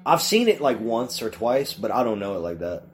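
A man's voice: mid-range voice, very animated, moderate pace, faint music behind. A man hosting a podcast in casual chat, laid-back and crude, laughing easily. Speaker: podcast host.

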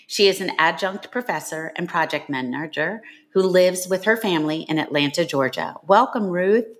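A woman's voice: on the low side, moderate pace. A woman co-hosting a book podcast, introducing a guest and asking questions with enthusiasm. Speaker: podcast co-host.

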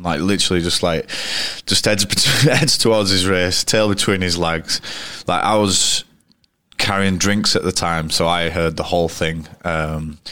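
Give me a low-voiced bloke in his thirties, telling stories in a loose, rambling way. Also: bright, forceful tone, dry recording, clean studio sound. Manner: rambling, frequent restarts and fillers. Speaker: guest cricketer. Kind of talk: casual storytelling interview.

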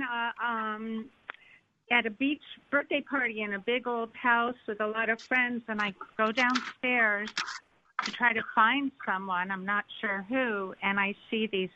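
A woman calling in to a radio show, telling a dream slowly and haltingly. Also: medium pitch, no echo. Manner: slow, halting storytelling. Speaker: caller. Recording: tinny phone line.

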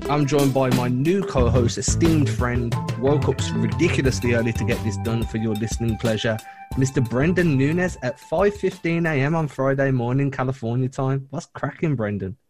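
A man's voice: mid-range voice, moderate pace, music in the background. A man hosting a basketball podcast, talking bluntly and with frustration about a lost game in casual chat. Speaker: podcast host.

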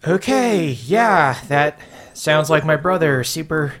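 Guy doing a chill tired dragon prince, offhand, kinda bored, a bit higher than his own voice. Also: animated, slow, a bit bright. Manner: sighing, offhand. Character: big weary male dragon prince, laid-back.

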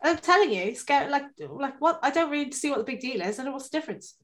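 A woman's voice: high voice, very fast. Chatty, swearing mother. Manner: chatty, swears freely, animated storytelling. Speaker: podcast co-host, mother. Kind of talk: casual chat.

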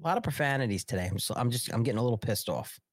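A man's voice: medium pitch, animated, rapid-fire, no echo. A man hosting a live political talk show, ranting angrily with heavy profanity. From New York. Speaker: host.

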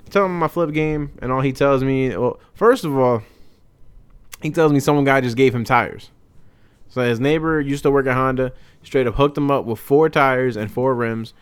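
A man's voice: medium pitch, clear, resonant tone, no echo. A young man co-hosting a podcast, telling a casual story and acting out what others said. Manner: animated storyteller acting out quotes. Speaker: podcast co-host.

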